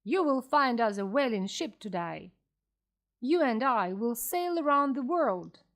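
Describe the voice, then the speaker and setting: A woman reading aloud for learners, voicing a huge male whaler who speaks slow, careful, simple English. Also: extremely high pitch, big pitch swings, vocal fry, a bit bright, heavily acted. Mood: bold. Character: huge strong male harpooner, sure of himself.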